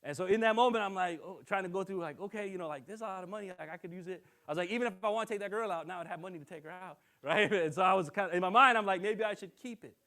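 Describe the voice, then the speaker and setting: A young male minister preaching at a quick clip, his voice sitting high for a man. He tells his story with animation, acts out the other voices and keeps checking in with the room. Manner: animated storytelling, acting out quoted voices, frequent "right?". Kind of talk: sermon with personal story.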